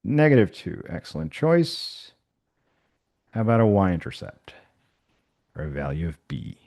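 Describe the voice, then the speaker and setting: A man with a lowish voice shows colleagues how a math activity works. He talks casually and thinks aloud, with fillers and restarts. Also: very animated, unhurried, darkish tone. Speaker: math instructor. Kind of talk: workshop software demonstration.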